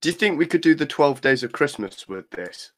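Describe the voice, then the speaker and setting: A man's voice: on the high side, lively intonation, brisk, background noise. A man in casual chat with friends, speaking in a wry way.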